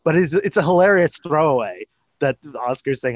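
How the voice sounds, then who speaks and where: A man's voice: on the high side, animated, fairly quick, no echo, highs cut off. A man co-hosting a podcast, chatting casually about a sitcom and often trailing off. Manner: chatty, trails off, laughs between remarks. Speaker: podcast co-host. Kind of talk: casual chat reviewing a sitcom episode.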